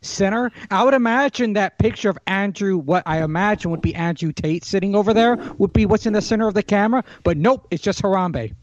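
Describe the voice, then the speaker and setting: A man's voice: high voice, fairly quick, few pauses, dull audio. A man on a podcast panel, adding wry commentary in casual chat.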